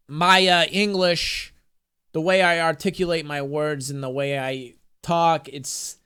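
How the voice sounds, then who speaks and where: A man's voice: on the high side, fairly bright tone, clean tone. A man chatting loosely in a home vlog, joking and swearing as he reads out an affirmation card and talks to his cat. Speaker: spiritual vlogger. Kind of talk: casual rambling vlog with card reading.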